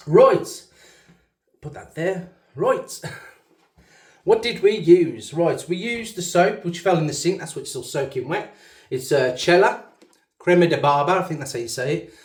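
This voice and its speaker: A rambling, chatty man with a Black Country accent and a fairly high voice. He talks loosely and pokes fun at himself as he shaves. The sound bounces around a hard, echoey bathroom. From English West Midlands. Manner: rambling, chatty, self-mocking. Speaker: shaving channel host. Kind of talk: casual chat while shaving.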